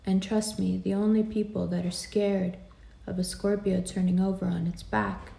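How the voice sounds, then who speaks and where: A woman giving a tarot card reading in an intimate, reassuring way. She laughs easily and sometimes drops into soft whispers. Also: medium pitch, flat delivery, normal speed, vocal fry. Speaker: tarot reader.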